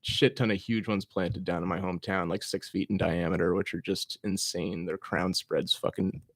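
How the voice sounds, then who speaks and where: A young man from Massachusetts chats as a guest, laid-back and freely profane. His low voice carries a gravelly edge, and the sound is dry and close. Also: steady tone, moderate pace, no echo. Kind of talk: casual chat.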